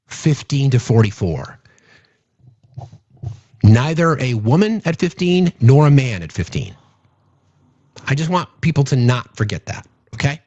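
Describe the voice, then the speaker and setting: A man rants through political commentary in an indignant, rambling way, doubling back on his words. His voice is husky and a little breathy. The recording sounds dull and lo-fi, with a dry, close sound. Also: mid-range voice, very animated, moderate pace, long pauses, a little mellow, no room sound. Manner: indignant, rambling, many restarts.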